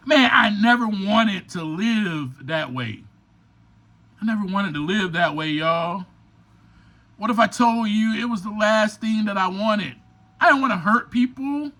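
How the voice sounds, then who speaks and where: High-voiced, emphatic man preaching slowly. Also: expressive. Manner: emphatic and preacher-like, bursts to near shouting; addresses listeners directly, repeating phrases. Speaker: podcast host. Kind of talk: motivational monologue.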